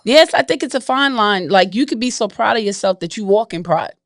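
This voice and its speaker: A woman co-hosting a podcast gives advice in a measured way during a casual chat. Her mid-range voice has lively intonation, and the recording is dry, with clean studio sound.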